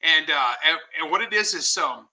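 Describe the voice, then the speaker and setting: A man being interviewed as a guest author over a video call, telling animated, joking anecdotes. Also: on the high side, moderate pace. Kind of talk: casual storytelling interview.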